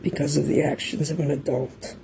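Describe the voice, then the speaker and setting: A middle-aged woman speaks on a phone live stream from her home in a low, gravelly voice, struggling to hold back tears. She keeps breaking off to address her viewers. A running fan fills the background with a steady noisy hum. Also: brisk. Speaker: livestreamer.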